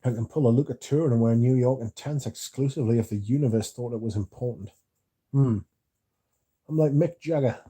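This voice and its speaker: The voice here is husky and mellow, mid-range and fairly quick, belonging to a young British livestream host. He yawns drowsily while reading viewer comments aloud, chatting loosely and filling gaps with filler words.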